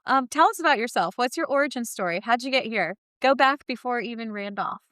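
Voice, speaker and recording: A woman's voice: on the high side, lively intonation, fairly quick, a bit bright, no room sound, clean studio sound. A woman hosting a school podcast, upbeat and enthusiastic. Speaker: podcast co-host, school marketing director.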